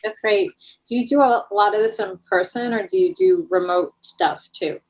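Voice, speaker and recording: A woman host keeps the conversation light, slipping in teasing remarks about herself between questions. Her voice is mid-pitched and conversational. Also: moderate pace, poor audio. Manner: joking, self-teasing asides. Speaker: podcast host. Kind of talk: casual interview chat.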